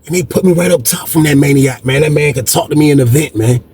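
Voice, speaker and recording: A man's voice: a little high, quick pace, a little mellow, breathy edge. A man hosting a storytelling video, talking casually and profanely, acting out quoted voices and repeating "man" a lot. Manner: profane, repetitive, keeps saying "man".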